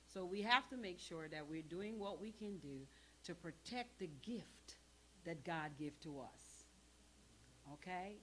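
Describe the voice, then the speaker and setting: A woman presenting a parenting workshop in a church hall, emphatic and animated as she talks straight to the audience. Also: on the low side, unhurried, slight background noise. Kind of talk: interactive church workshop teaching.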